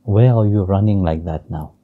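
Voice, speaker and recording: A man voicing a female goddess of devotion who scolds in a hushed voice. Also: low-pitched, moderate pace, narrow, tinny audio. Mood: reproachful.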